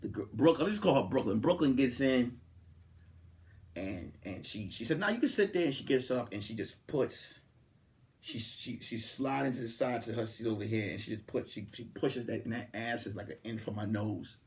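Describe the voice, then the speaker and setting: A young man, a comedian hosting a podcast, telling a comic story and acting out the people in it, swinging from loud outbursts to hushed asides. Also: mid-range voice, moderate pace. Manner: animated, swings from loud to hushed, acts out quotes.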